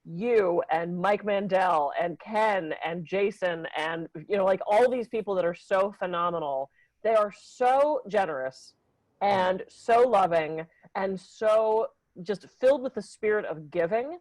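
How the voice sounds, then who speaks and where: A woman's voice: mid-range voice, lively intonation, darkish tone, dry recording, rough recording. A woman hosting a podcast interview, chatting casually and praising her guest effusively. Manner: effusive and emotional, quick to praise. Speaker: podcast host.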